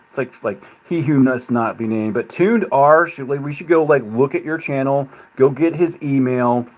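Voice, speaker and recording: A man livestreaming, ranting at his chat in a mocking, profane way, laughing often and swinging from loud jabs to low muttering.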